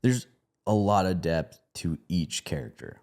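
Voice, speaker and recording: A man with a very low, mellow voice co-hosts a movie review podcast. He talks in a loose, rambling way, full of "like" and "you know", and laughs easily. The feel is an easygoing chat between friends. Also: lively intonation, measured pace. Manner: laughs often, rambling with many fillers.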